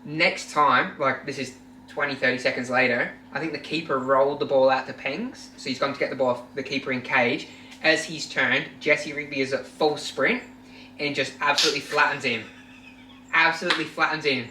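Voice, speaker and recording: A young man co-hosting a podcast, animated and acting out quotes as he tells stories. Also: mid-range voice, moderate pace, far from the mic, a little hiss or hum. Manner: animated storyteller, acts out quotes. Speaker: podcast co-host. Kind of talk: casual storytelling chat. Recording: echoey room, away from mic.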